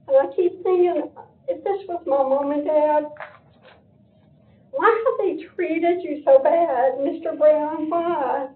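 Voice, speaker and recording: An older woman giving an emotional public comment at a county meeting, pleading with her voice breaking. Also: high-pitched. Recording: echoey room, phone-like meeting audio.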